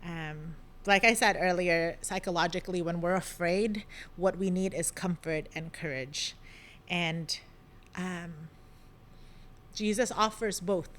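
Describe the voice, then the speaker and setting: A woman speaking slowly in a fairly low voice, sharing an unhurried devotional reflection. She talks gently and thoughtfully, filling her pauses with soft ums as she hosts her podcast.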